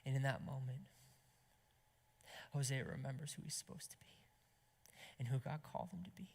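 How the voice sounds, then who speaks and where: A man preaching an impassioned sermon to a gathering, swinging between loud emphasis and hushed whispers. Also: medium pitch, moderate pace, creaky, breathy edge. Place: gathering hall. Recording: long hall reverb.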